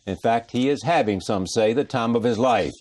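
Playful, husky-voiced male interviewer. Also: mid-range voice, normal speed, darkish tone. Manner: teasing, playful. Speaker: interviewer host. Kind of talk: talk show interview.

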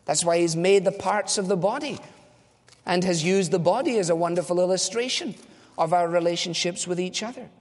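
A man's voice: high voice, a little fast, long reverb tail. A man preaching a sermon as a pastor, earnest and direct, asking and answering rhetorical questions.

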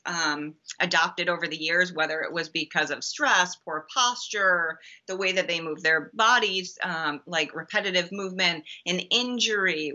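A woman's voice: lowish voice, sharp tone, dull audio. A woman guest on a podcast interview, explaining emphatically with many ums and restarts. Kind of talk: conversational interview answer.

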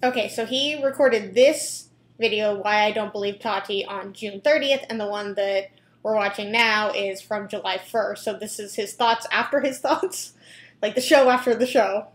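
A woman's voice: medium pitch, moderate pace, reverberant. A young woman hosting a reaction video, chatting casually with lots of fillers, restarts and giggles.

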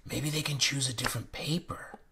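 A young man hosting a casual card unboxing, chatty and excitable, sometimes dropping to a hush. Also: medium pitch, brisk, vocal fry. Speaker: playing card channel host. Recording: noisy room with card handling sounds. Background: shuffling cards and clicks.

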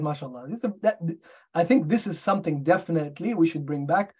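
A man's voice: fairly high pitch, fast talker, a little mellow, breathy edge, lo-fi sound. A middle-aged man from the UK, a doctor giving a talk on medical history in a storytelling way, often asking the audience rhetorical questions. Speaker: guest speaker, doctor.

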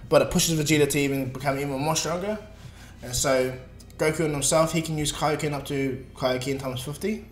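A man's voice: on the high side, fairly even intonation, fairly quick, reverberant, slight background noise. A man casually narrating a fan-made story in a rambling way, with many fillers and restarts.

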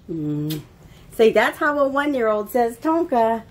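A woman's voice: fairly high pitch, big pitch swings, very slow, long pauses, mellow, husky. A woman filming her dog and toddler at home, laughing often and talking to them in a sing-song voice. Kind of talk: casual home video chatter.

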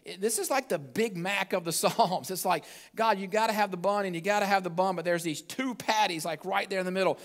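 A man's voice: high voice, a little fast, few pauses. A male pastor preaching a sermon in a church, talking casually to the congregation and often restarting his phrases. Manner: conversational preaching with repeated restarts. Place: church sanctuary.

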